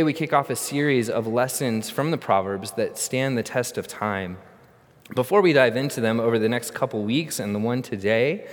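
A middle-aged man preaching a sermon, telling a funny childhood story with animation and then teaching earnestly. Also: mid-range voice. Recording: long reverb of a large hall.

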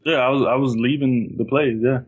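A man's voice: medium pitch, fairly even intonation, fairly quick, husky. A man co-hosting a podcast, giving laid-back, dry replies in casual chat. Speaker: podcast co-host.

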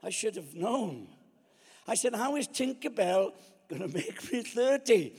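Give me an older male preacher in his seventies telling lively comic anecdotes. The voice is high and husky, and it echoes with a long reverb through a large church hall. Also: measured pace. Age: 70s. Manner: jokey, self-mocking, lively anecdotes. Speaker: guest preacher. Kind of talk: sermon with comic storytelling.

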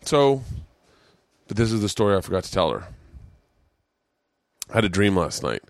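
A man's voice: on the low side, big pitch swings, normal speed, dry recording, studio quality. A man hosting his podcast, telling a long story in a loose, profane, rambling way. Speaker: podcast host. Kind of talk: casual storytelling chat.

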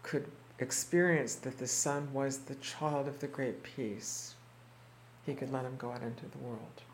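In an indoor room, a teacher speaks to a small group in a mid-range voice with fairly even intonation, retelling stories in an unhurried, reflective way and acting out the quoted voices. He often restarts and repeats words haltingly, and there's slight background noise.

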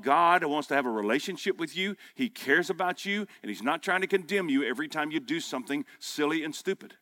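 A man preaching a sermon at a men's breakfast, folksy and emphatic, climbing to loud peaks. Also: a little high, lively intonation, moderate pace. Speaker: pastor. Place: men's breakfast gathering hall.

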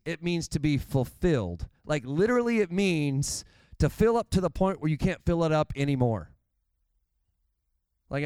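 Smooth-voiced pastor preaching. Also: male voice, mid-range voice, no echo. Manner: conversational and animated, with asides. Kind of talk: sermon.

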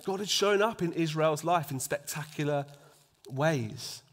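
A man preaches a sermon in a conversational style, his voice a little high and a little slow. He often asks the congregation to agree with him and drops almost to a whisper for emphasis.

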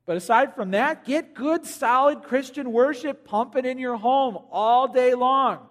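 High-voiced male pastor preaching in a hall. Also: unhurried. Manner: animated, acts out quoted voices, jokes with the congregation. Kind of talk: sermon. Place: church auditorium. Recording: long hall reverb.

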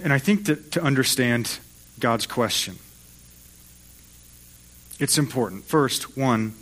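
A man preaching as a pastor, retelling an old story with storytelling flair. He speaks at a middle pitch and slips briefly into the voices of the people he describes. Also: animated, takes it slowly, fairly bright tone. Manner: storytelling, acts out voices of biblical figures. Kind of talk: sermon.

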